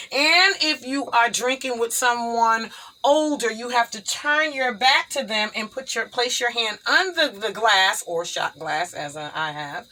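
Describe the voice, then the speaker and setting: A woman's voice: on the high side, sharp tone, poor audio. A woman hosting her own show, chatting casually and calling viewers y'all and baby. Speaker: host. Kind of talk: casual chat.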